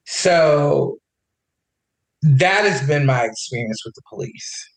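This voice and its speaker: A man's voice: fairly high pitch, takes it slowly, pauses often, roomy sound, rough recording. A man on a podcast, telling a personal story in casual chat and quoting the people in it. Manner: animated, quotes others in his retelling. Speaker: podcast co-host.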